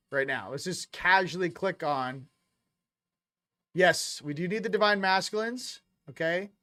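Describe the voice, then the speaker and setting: A man's voice: high-pitched, a bit bright. A man hosting a casual spiritual card reading, joking and slangy with frequent laughs. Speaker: host of a spiritual reading show.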